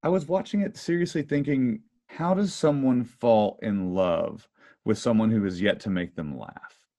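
A man's voice: medium pitch, moderate pace, warm tone. A man co-hosting a casual chat, trading wry, opinionated banter. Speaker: podcast co-host.

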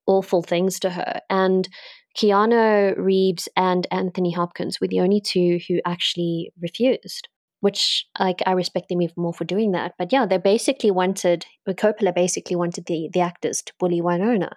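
A woman's voice: lowish voice, fairly even intonation, normal speed, a little mellow, no echo, studio quality. A woman co-hosting a podcast in casual chat, easygoing and agreeable, speeding up when she explains things. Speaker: podcast co-host.

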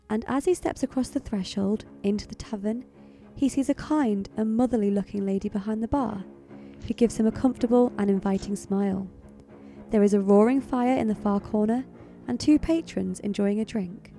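A woman's voice: fairly high pitch, dark tone. A woman narrating as game master of a tabletop game, telling the scene in a descriptive storytelling way.

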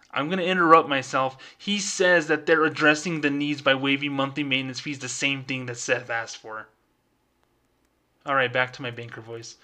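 A man hosting a podcast, ranting casually and fast, with lots of filler words. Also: mid-range voice, fairly even intonation, sharp tone. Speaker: podcast host.

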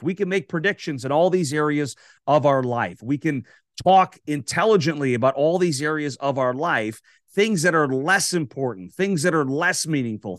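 A man's voice: on the high side, fairly bright tone, no room sound, studio quality. A man, a radio host, giving an emphatic faith-based talk built on repeated rhetorical questions. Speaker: radio host and podcast guest.

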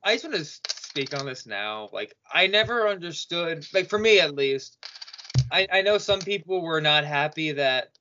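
Bright-voiced, excitable young-sounding man. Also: a little high, normal speed, highs cut off, a little hiss or hum. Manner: enthusiastic, excitable. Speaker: podcast co-host. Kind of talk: casual movie discussion.

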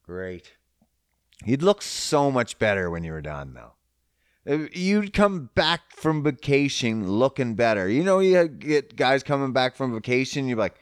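This man's smooth, mid-range voice has a sing-song lilt and a measured pace, captured in a dry, studio-quality recording. His casual, profane monologue on fitness and diet is crude and rambling, full of jokes and quoted exchanges where he plays every part.

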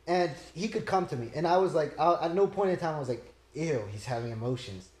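A man's voice: a little high, quick pace, darkish tone. A young man chatting casually in a podcast, laid-back, swearing freely and acting out what his friends say. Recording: echoey room.

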